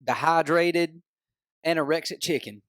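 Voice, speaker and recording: A man hosting a podcast, a relaxed and encouraging interviewer. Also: fairly high pitch, measured pace, no echo, studio quality. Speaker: podcast host. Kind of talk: casual interview chat.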